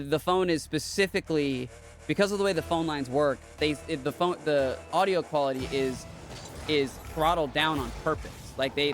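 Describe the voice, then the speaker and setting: Male podcast host, casual gaming chat, rambly and emphatic, slightly high-pitched. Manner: rambling, emphatic, with restarts and swearing.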